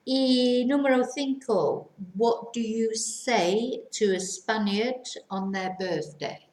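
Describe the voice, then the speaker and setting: Female language teacher, unhurried and clear, recorded in a reverberant room. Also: a little high, a little mellow. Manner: models sentences slowly and clearly, then translates. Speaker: Spanish teacher. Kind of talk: slow language lesson. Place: lives in a Spanish village. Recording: echoey room.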